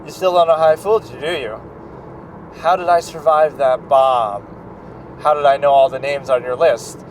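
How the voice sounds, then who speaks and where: A man voicing a calm, gloating male serial-killer mastermind, reading his lines slowly and smugly. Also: on the high side, a little hiss or hum, natural voice, rough recording. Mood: taunting. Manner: soft-spoken, slow and smug.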